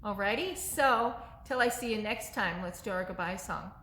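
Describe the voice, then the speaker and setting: A woman's voice: mid-range voice, moderate pace, a bit bright, slight background noise. A woman, a children's librarian, running a story time in an upbeat way and checking in with the children through frequent questions. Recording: echoey room.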